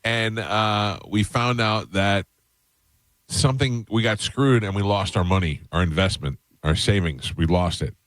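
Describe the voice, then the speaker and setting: A man's voice: fairly low pitch, a little slow, a bit bright, no room sound. A man in his fifties hosting a morning radio show, telling rambling, self-deprecating stories and reading ads live in a studio. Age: 50s. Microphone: studio microphone.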